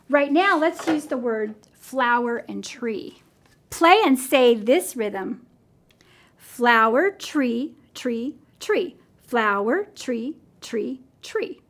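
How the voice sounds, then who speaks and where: Slow, high-voiced woman teaching music. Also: a bit bright. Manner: clear, patient, counts in and sings along.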